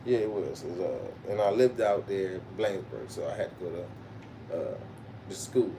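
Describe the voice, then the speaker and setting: A man telling profane school stories on a livestream, swearing freely and breaking into loud laughter. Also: low voice, lively intonation, normal speed. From Baltimore, Maryland. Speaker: livestream host. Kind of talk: profane storytelling monologue. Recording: distant mic with background noise.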